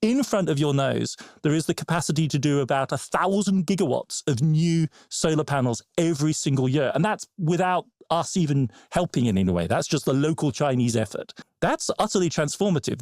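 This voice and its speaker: A man's voice: mid-range voice, darkish tone, no room sound, studio quality. A man being interviewed on a podcast, explaining his points emphatically. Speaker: podcast guest. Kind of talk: interview conversation.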